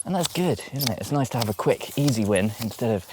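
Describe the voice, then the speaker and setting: A man's voice: medium pitch, lively intonation, quick pace, background noise. A man talking casually to camera as he tours his outdoor allotment, chatty and rambling and laughing often, recorded on a handheld camera. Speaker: allotment vlogger. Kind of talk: casual talk to camera while touring a garden plot.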